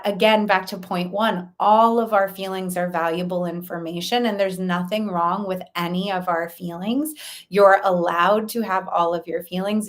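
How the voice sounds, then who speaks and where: A woman life coach giving a direct-to-camera talk, earnest and explanatory, laying out her points in long lists. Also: fairly low pitch.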